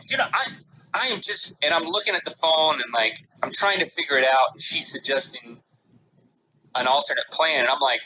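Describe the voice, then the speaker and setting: A man co-hosting a casual podcast talks in a bright, sharp, somewhat high voice that swings widely in pitch. He rambles through his story with restarts and fillers. He bursts into loud reenactments of his own panicked words. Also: brisk, slight background noise, rough recording. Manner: animated, acts out his own panicked quotes loudly. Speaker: podcast co-host.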